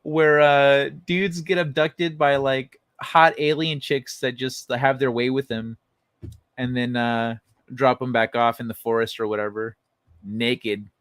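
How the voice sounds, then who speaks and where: A young livestream host talks with his late-night viewers, reading chat aloud, laughing often, and telling stories in a loose, profane manner. His mid-range voice is smooth and fairly bright, with fairly even intonation and a measured pace. No room sound is present.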